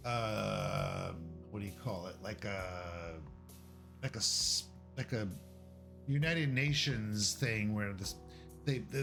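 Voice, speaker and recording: A man acting as game master, explaining the setup in a casual, halting way with many fillers. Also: lowish voice, fairly bright tone. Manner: hesitant, many fillers and restarts. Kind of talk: casual tabletop game narration.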